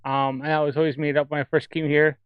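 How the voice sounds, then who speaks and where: A man's voice: a little high, little pitch movement, fast talker, clear, resonant tone, dry recording, phone-quality sound. A man from Alberta, Canada, with a Canadian accent, rambling in casual chat while hosting a livestream. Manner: rambling, chatty. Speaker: livestream host.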